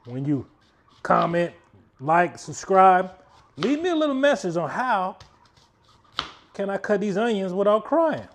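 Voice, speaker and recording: A man's voice: sits high, big pitch swings, a little slow, long pauses, slight background noise. Chatty man hosting a grilling video. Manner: chatty, joking asides to viewers. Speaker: cooking channel host. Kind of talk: casual cooking demonstration.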